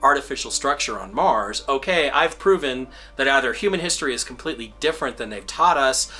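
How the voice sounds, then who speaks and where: A man with a bright, forceful voice talks eagerly about what draws him to his interest. His speech is enthusiastic, with faint music behind. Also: medium pitch, lively intonation, brisk. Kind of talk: casual interview talk.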